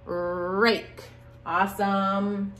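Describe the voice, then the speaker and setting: A woman teaching preschoolers in a video lesson, slow and sing-song, climbing high on rhymes and praise. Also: little pitch movement, fairly bright tone, faint music behind. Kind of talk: video lesson for young children. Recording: echoey room, faint hum.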